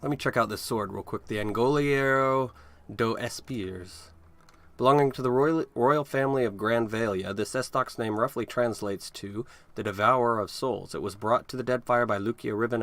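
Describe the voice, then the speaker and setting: Low-voiced man reading game text. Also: fairly even intonation, brisk, hardly any pauses, a bit bright, dry recording. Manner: casual, wry asides between read passages. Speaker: let's play host. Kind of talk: gameplay commentary and reading game text aloud.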